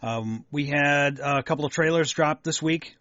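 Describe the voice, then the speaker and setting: A man's voice: on the high side, normal speed, fairly bright tone, dry recording. A man hosting a podcast, chatting casually about a movie trailer with plenty of "uh" and "like". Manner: casual, hesitant, many fillers. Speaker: podcast host. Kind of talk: casual chat. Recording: dry, muffled lo-fi audio.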